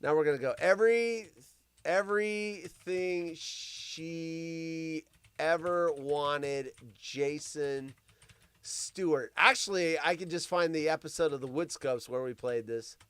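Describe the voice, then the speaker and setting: In casual live-stream commentary, a male host riffs on the news, animated and wisecracking, swearing without restraint. His voice is on the high side, clear and resonant, delivered slowly with no echo.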